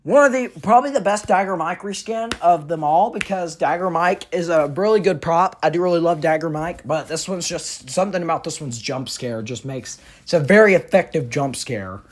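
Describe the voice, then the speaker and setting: A man hosting a casual review vlog, talking excitably and ranting with plenty of exaggeration. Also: fairly high pitch, moderate pace, few pauses. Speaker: prop reviewer, channel host.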